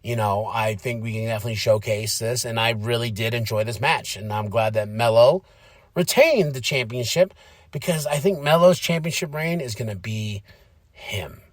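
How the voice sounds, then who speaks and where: A young adult man giving a casual, animated recap of a wrestling show as a podcast host, slipping into playful impressions. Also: medium pitch, normal speed, no room sound, studio quality. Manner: animated, slips into playful impressions and sing-song bits.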